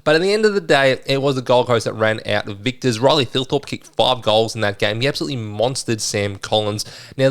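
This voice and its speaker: A young Australian man hosting a solo sports podcast, chatting casually and a bit rambling as he previews the weekend's games. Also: medium pitch. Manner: chatty, lively, rambling with fillers.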